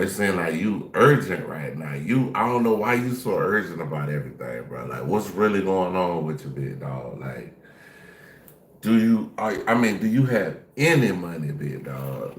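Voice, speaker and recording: A man's voice: sits low, reverberant, slight background noise. A man co-hosting a livestream, giving laid-back, slangy commentary and mocking the clip. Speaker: livestream co-host. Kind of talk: casual reaction commentary.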